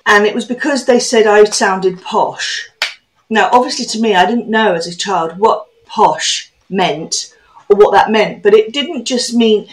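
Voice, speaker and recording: A woman hosting a podcast interview, reflective and chatty, telling her own stories at a brisk conversational pace. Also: medium pitch, rough recording. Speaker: podcast host.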